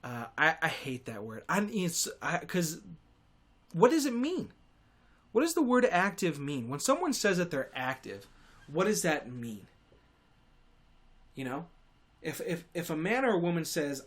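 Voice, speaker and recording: A man's voice: fairly high pitch, sing-song, normal speed. A young man hosting a podcast, rambling through a comedic monologue with sarcastic, self-deprecating asides and frequent restarts. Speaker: podcast host.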